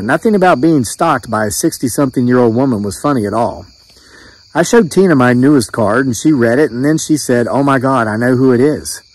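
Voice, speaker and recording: A man's voice: medium pitch, darkish tone, breathy edge, poor audio. Plain-spoken man telling a true story. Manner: plain-spoken, conversational with occasional fillers. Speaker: author reading his own story. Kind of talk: storytelling read-aloud. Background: crickets chirping.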